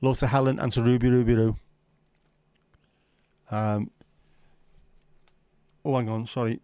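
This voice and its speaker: A middle-aged man chats on his home livestream, reading out viewers' comments with loose, sweary banter. His voice sits at an ordinary pitch and sounds dry and close, with little room echo. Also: level tone, a little slow, warm tone, smooth. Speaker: livestream host. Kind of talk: casual livestream chat. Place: at home, window nearby.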